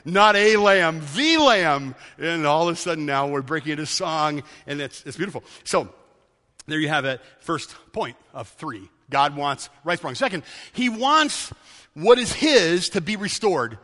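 In a high, bright voice, a pastor gives an expressive sermon at a moderate pace, hammering points through repeated key words. Each phrase echoes away in the long reverb of a big hall.

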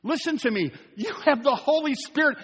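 High-voiced pastor preaching in a reverberant hall. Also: male voice, animated, fairly quick, a bit bright. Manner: conversational, joking asides, rising to earnest emphasis. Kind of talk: sermon. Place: church sanctuary.

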